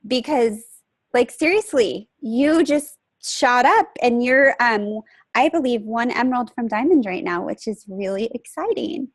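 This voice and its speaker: A woman's voice: a little high, animated, unhurried, no echo. A woman coaching her team on a group call, chatty and upbeat, with many fillers and restarts. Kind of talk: casual conference call.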